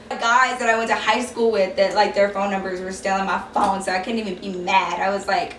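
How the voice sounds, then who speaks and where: A woman's voice: mid-range voice, steady tone, fast talker, hardly any pauses, a bit bright, a little hiss or hum. A young woman telling a casual storytime vlog, chatty and frank, swearing freely. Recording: echoey room, mic a little far off.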